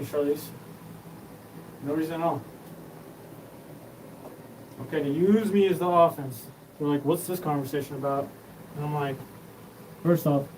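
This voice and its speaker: Casting: a slightly high-voiced man with a rambling, profane delivery, recorded on a distant mic with steady air-conditioner hum. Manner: rambling, profane, jumps between topics. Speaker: show host. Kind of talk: rambling monologue.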